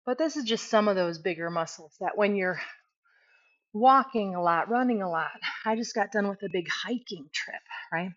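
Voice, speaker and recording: A woman's voice: medium pitch, normal speed, fairly bright tone. Woman guiding yoga with dull sound. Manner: casual, self-deprecating, talks while moving. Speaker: yoga teacher. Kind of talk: guided yoga instruction.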